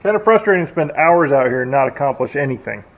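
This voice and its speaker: Talking fast and expressively at a medium pitch, a man works on his old truck in the garage while making self-deprecating jokes. He's a chatty hobby restorer. Logging machinery sounds from next door over dull, lo-fi audio with faint noise.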